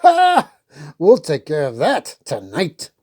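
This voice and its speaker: A woman voicing an excitable, pompous old king who squeaks and sputters when he shouts. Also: slow pace, full character voice. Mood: blustering.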